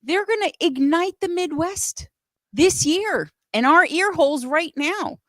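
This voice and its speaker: A woman's voice: very high-pitched, lively intonation, a little slow, a bit bright, dry recording. A woman hosting a live music show, bubbly and playful, laughing often. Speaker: host.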